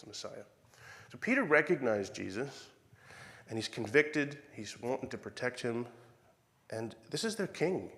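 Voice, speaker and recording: Irish-accented male preacher, chatty church sermon, acts out the dialogue, mid-pitched voice. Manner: conversational, acts out quoted dialogue, self-corrects. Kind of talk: sermon with Bible reading.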